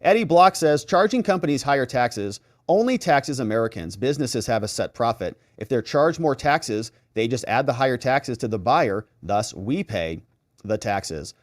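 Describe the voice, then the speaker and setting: A man's voice: mid-range voice, expressive, normal speed, no room sound, studio quality. A man hosting a live stream, chatting casually and reading viewer comments aloud with sarcastic asides.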